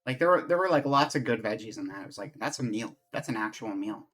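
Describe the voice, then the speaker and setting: A man's voice: fairly low pitch, lively intonation, quick pace, fairly bright tone, soft background music. A man streaming live, chatting casually and rambling from topic to topic in a self-mocking way. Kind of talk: casual live-stream chat while playing.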